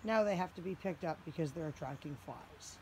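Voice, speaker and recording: Vlogging outdoors by her house, a woman with a low, brisk voice retells her day in casual narration, chatty and exasperated and full of "like." There's slight background noise.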